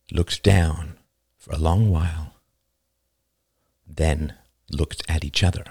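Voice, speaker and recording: A man reads a novel aloud in a slow, deliberate, dramatic manner. His voice is low and gravelly. The recording is close and dry, with no room sound. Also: no room sound. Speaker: narrator. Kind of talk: audiobook narration.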